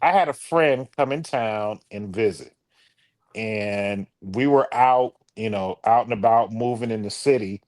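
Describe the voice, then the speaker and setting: A man's voice: fairly low pitch, measured pace, dry recording. A Detroit man co-hosting a podcast in casual chat, telling stories and slipping into playful voices. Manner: storytelling, animated, swings into playful voices. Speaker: podcast co-host.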